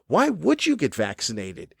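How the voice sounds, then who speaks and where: A man's voice: a little high, huge pitch swings, moderate pace, vocal fry, husky, no echo, studio quality. A man hosting his own podcast, a cranky comedian ranting angrily and swearing often. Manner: angry, profane, cranky. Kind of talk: ranting monologue. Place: cruise ship room.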